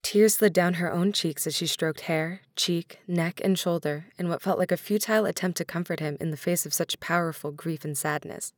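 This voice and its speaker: Gentle woman narrator, lowish voice, dry close recording. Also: moderate pace, few pauses, no room sound. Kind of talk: storybook narration.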